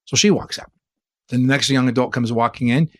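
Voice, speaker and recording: A man from the Bay Area of California, an interview guest telling a personal story in an earnest, animated way and posing rhetorical questions. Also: mid-range voice, a little fast, no room sound. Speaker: interview guest, church leader. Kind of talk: conversational storytelling.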